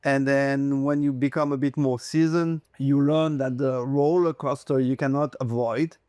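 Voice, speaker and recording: French-accented man, smooth voice. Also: mid-range voice, fairly even intonation, unhurried, darkish tone, dry recording, clean studio sound. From France. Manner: chatty, hesitant with many uh fillers, self-joking. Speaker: luxury real estate agent, guest. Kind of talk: casual interview chat.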